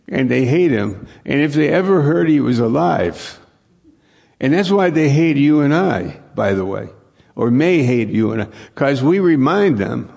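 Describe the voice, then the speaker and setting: A man's voice: medium pitch, creaky, darkish tone. A man preaching a sermon in a conversational way, repeating phrases and asking the listeners rhetorical questions. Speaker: pastor.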